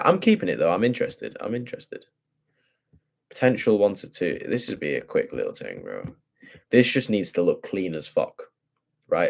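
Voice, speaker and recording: A man's voice: low voice, creaky. A young man casually talking through forex charts, thinking aloud in profane, slangy speech. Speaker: forex trader.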